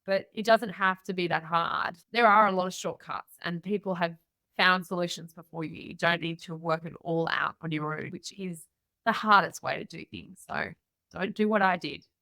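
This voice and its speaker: In a lowish voice at normal speed, recorded dry, a middle-aged Australian woman tells stories as an entrepreneur guest on a podcast. She's open and animated, acting out the quoted voices herself.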